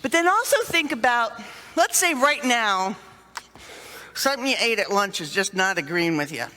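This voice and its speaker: A high-pitched, bright-voiced woman gives an animated talk to a conference audience and acts out small scenes as she goes. Her voice rings with the long reverb of a large hall. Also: moderate pace. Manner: animated storyteller, acts out sighs and little scenes. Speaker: conference speaker on dementia care. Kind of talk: lively presentation to an audience.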